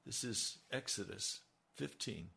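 A man preaching a sermon, slow and emphatic, his voice rising on key lines. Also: medium pitch, animated, creaky, bright, forceful tone, breathy edge. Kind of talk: radio sermon.

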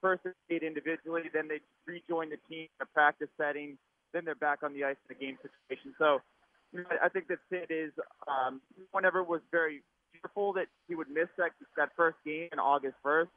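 Male reporter phoning in through a mask, muffled, slightly high, tinny line. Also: steady tone, brisk, no room sound. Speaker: sports reporter calling in. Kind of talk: casual chat. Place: at a practice rink.

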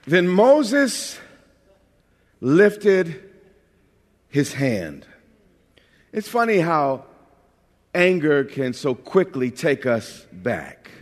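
A man's voice: on the high side, big pitch swings, extremely slow, long pauses. A pastor from New York preaching a sermon in a conversational, joking way, often restarting his phrases. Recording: long hall reverb.

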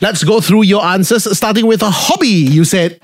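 Guy hosting radio, high bouncy voice, dry mic, jokey quiz banter. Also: moderate pace, slightly rough, no room sound. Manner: upbeat, quizzing and joking. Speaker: radio host. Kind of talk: morning radio game show banter.

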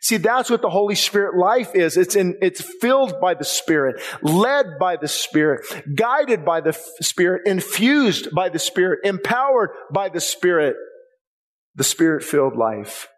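In a church sanctuary with long hall reverb, a pastor preaches in a high, very animated voice at a measured pace. He talks conversationally but with fervor, frequently repeating himself to drive a point home.

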